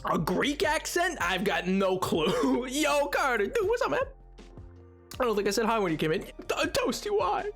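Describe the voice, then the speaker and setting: A man streaming a game live, chatting with his viewers in an excitable, playful, self-mocking way. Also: extremely high pitch, moderate pace, creaky, soft background music.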